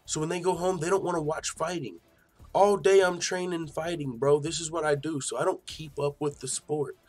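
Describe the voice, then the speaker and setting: A man hosting a mixed martial arts news show, talking casually in an animated, slangy and profane way and often laughing. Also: a little high, normal speed, faint music behind. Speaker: MMA news show host. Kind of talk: casual commentary.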